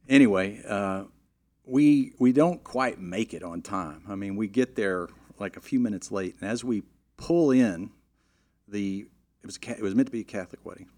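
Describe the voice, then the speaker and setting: A middle-aged man telling a long, animated anecdote in a casual way, with frequent "you know" fillers and restarts. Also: on the low side, normal speed. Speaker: storyteller.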